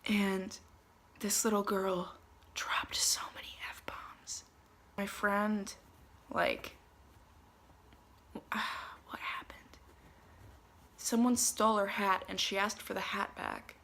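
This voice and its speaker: Chatty young woman with a gravelly edge. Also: mid-range voice, slow, pauses often, in a whisper. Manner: chatty, animated retelling with lots of fillers. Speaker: vlogger. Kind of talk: casual storytelling to camera. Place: travel spots in Italy, some clips outdoors.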